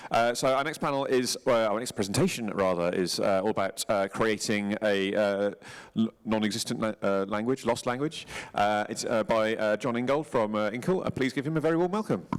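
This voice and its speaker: A man's voice: fairly low pitch, brisk, clear, resonant tone. A man introducing the next speaker at an event, hesitant and stumbling over his words. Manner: hesitant, many ums and restarts. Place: large event hall.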